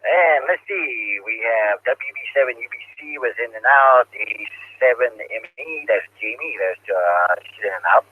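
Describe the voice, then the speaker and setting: A man acting as net control on an amateur radio net, relaxed and friendly, calling stations by name. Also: mid-range voice, normal speed, no room sound. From Hawaii. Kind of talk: casual radio net hosting. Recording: tinny two-way radio audio.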